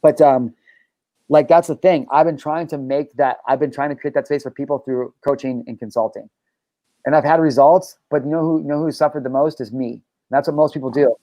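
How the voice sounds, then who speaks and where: A man's voice: medium pitch, steady tone, a little fast, warm tone, no echo. A young adult man hosting a casual talk show, telling a personal story in a blunt, emphatic, profanity-laced way. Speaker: show host and life coach. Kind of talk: casual podcast conversation.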